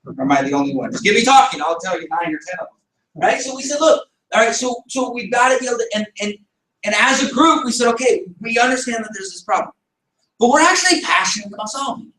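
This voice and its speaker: A man with a high voice delivers an energetic motivational talk to a live audience, throwing out rhetorical questions and acting out little scenes. He sounds distant from the mic, and the meeting room around him is echoey. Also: fast talker. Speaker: speaker at a group meeting.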